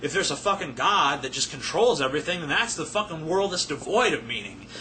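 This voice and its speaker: A man who isn't sober rambles through viewer questions in a profane, sarcastic rant to camera, using a fairly high, expressive voice that's bright and forceful at a fairly quick pace. The recording carries a slight hiss or hum.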